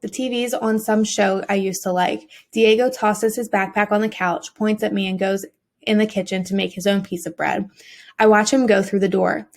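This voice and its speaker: A woman's voice: medium pitch, fairly even intonation, moderate pace. A woman narrating a first-person audiobook as a teenage boy, earnest and emotional.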